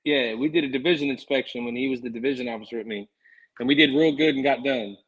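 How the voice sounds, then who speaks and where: A man's voice: mid-range voice, fast talker, dull audio. A man, a Navy veteran, telling a funny service story on a casual podcast. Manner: animated, lively storyteller.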